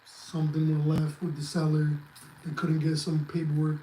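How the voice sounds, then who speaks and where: Male guest, high voice, blunt and cursing, echoey room. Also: monotone, normal speed, mellow, slight background noise. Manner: blunt, profane, emphatic advice-giving. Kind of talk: casual livestream chat.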